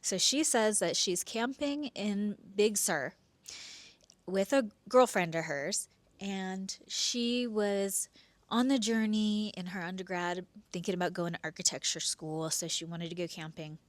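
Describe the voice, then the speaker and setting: A woman hosting and telling her own true story, expressive, dropping into hushed whispers and swinging between slow and quick delivery. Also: medium pitch, dry recording. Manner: pace swings between slow drawn-out and rushed. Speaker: podcast host telling a personal story. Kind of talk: first-person storytelling.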